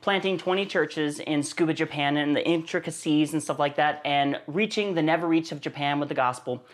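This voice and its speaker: A man's voice: a little high, brisk. A man hosting a podcast, talking in a chatty, playful way with plenty of fillers. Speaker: podcast host. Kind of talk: casual podcast conversation.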